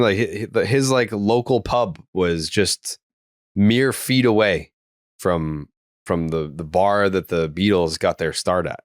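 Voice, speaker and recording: Low-voiced man telling loose stories. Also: measured pace, no room sound, studio quality. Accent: faint Boston. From Boston area. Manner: loose storytelling, swears freely, many likes and restarts. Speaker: podcast co-host. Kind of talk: casual chat.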